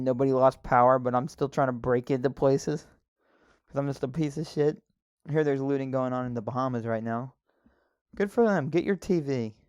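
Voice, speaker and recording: A man's voice: mid-range voice, a little mellow, clean tone, dry recording, clean studio sound. A young man rambling alone on his podcast, cursing often and mocking himself between filler words. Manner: rambling, crude, self-mocking jokes with frequent fillers. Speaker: podcast co-host recording solo. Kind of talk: rambling solo podcast monologue.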